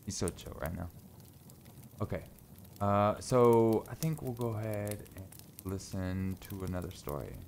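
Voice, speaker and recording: A man's voice: on the low side, a little slow, gravelly, darkish tone, a little hiss or hum. A man chatting casually on a live stream from a home closet, laid-back and joking, swearing freely, a little stuffy from sinus trouble.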